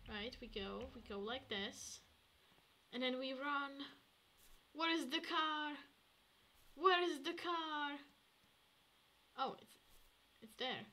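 Woman streamer, bright tone, slow unhurried delivery, chatty play-by-play, faint hiss behind. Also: high voice. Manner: chatty, talks to herself, swings from hushed to excited. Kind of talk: casual gameplay commentary.

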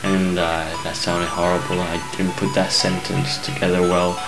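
A man's voice: low-pitched, monotone, moderate pace, gravelly, music in the background, low-quality recording. A young man venting in a casual vlog rant to his viewers, angry, rambling and swearing a lot. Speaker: YouTube gamer venting to viewers.

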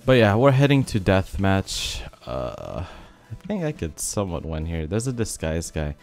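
A young man giving relaxed, rambling commentary over a game, his voice a bit rough from being sick. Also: low-pitched, a little slow. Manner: rambling, filler-heavy, laid-back. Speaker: gaming video host. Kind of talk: casual commentary over gameplay. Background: faint background music.

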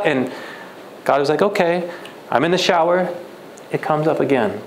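A man's voice: on the high side, normal speed, pauses often, echoey room, low-quality recording. A young man, a guest speaker at a church retreat, telling a personal story in a conversational way and acting out the dialogue. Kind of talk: sermon storytelling.

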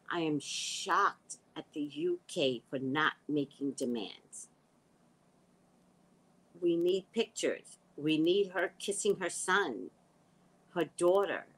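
A low-voiced woman hosts a casual livestream over poor audio, reading viewer comments aloud and reacting chattily, sometimes dropping to a whisper.

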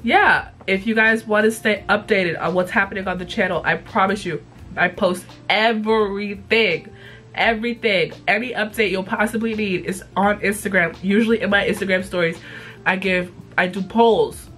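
A young woman with a stuffy, congested voice talks straight to camera in a loose, unscripted vlog. She is blunt and animated, swearing casually as she chats with her viewers. Soft music runs faintly underneath. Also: medium pitch, moderate pace. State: congested from illness. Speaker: YouTube vlogger.

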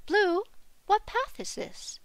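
Tiny forest girl calling out all high and eager, woman doing the voice, slow, dry sound. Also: expressive, dry recording, exaggerated voice. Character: small brave girl fairy-folk child.

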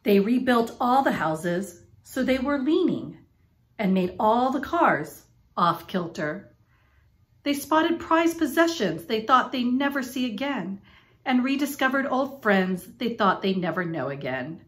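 A woman reading a children's picture book aloud in an expressive, playful storytelling manner. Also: a little high, unhurried.

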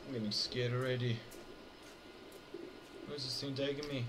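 A man's voice: medium pitch, fairly even intonation, moderate pace, background noise. A young man playing a horror game and commenting for viewers, joking, muttering and yelping when startled. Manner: jokey, jumpy, talks to viewers, swings between mutters and yelps. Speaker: gameplay commentator.

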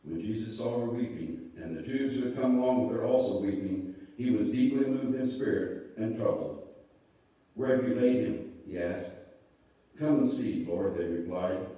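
A man's voice: medium pitch, warm tone. Man reading scripture in an echoey church. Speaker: pastor leading children's moment. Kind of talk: scripture reading and children's talk. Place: church sanctuary. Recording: echoey church room, mic far off.

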